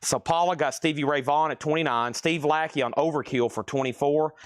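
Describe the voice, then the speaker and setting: A man hosting a live-streamed record sale, chatting quickly through prices and buyer names, a bit out of breath. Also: fairly high pitch, clear, resonant tone, no echo, clean studio sound.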